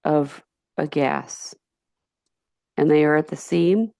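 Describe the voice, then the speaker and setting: A woman with a Yonkers accent teaching high school chemistry in a recorded slideshow lecture, chatty and digressive, often restarting her sentences. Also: slow pace, creaky, mellow, no room sound, studio quality. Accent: Yonkers, New York. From Yonkers, New York.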